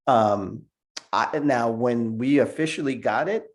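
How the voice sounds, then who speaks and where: A man's voice: mid-range voice, takes it slowly. A middle-aged man, a cartoonist, telling stories in a casual interview over a video call, laughing often and repeating words as he goes. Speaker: cartoonist guest.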